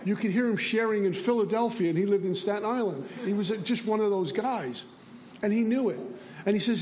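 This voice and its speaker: High-voiced man telling recovery stories. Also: a little fast, darkish tone, a little hiss or hum. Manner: storytelling, plainspoken, acts out dialogue. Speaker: recovery meeting speaker. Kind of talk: recovery share.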